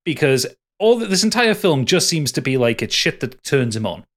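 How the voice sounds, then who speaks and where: A man with a mid-range, fairly bright voice and big pitch swings co-hosts a casual podcast, reviewing a bad film at a moderate pace. His recap is sweary and exasperated, full of restarts.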